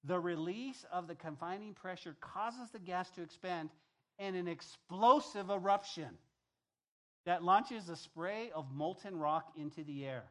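A male pastor giving a sermon, talking to the congregation in a lively, conversational way and reading scripture softly at the close. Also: high-pitched, measured pace. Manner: animated, conversational preaching with asides to the congregation.

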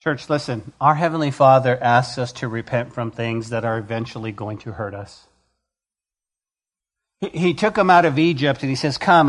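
A man preaching a sermon to a church, swinging between loud emphatic lines and quiet, intimate ones. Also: fairly high pitch. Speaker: pastor.

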